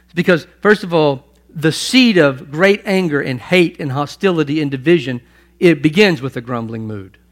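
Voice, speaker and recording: Emphatic male preacher, fairly high voice. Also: lively intonation, moderate pace. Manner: emphatic, swings between loud and hushed, repeats phrases. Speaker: pastor. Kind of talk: sermon.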